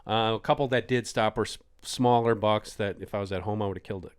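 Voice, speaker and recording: A middle-aged man telling a hunting story on a podcast in casual chat, acting out quotes with sudden jumps in pitch. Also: quick pace, smooth. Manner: animated, acts out quotes with big pitch jumps.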